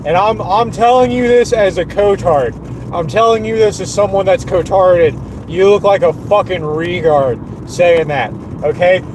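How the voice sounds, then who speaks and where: Furious high-voiced man ranting. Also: unhurried, noisy background. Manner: furious, profane and repetitive. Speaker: streamer. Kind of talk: angry livestream rant.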